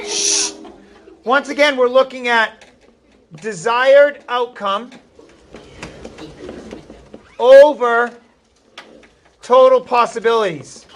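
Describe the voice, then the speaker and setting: A man's voice: very high voice, fairly bright tone, slight background noise. Chatty man with a Maine accent. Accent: New England (Maine). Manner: chatty, jokey, often shushing students. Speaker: math teacher. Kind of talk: classroom teaching. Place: classroom.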